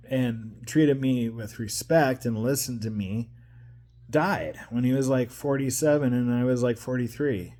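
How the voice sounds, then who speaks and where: This is a man in his forties from the Pacific Northwest, sharing a personal monologue with the camera. His voice sits at an ordinary pitch. He rambles, repeats himself and starts over, moving between slow, quiet stretches and quick bursts. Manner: emotional, rambling, with restarts and repeated phrases. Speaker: vlogger.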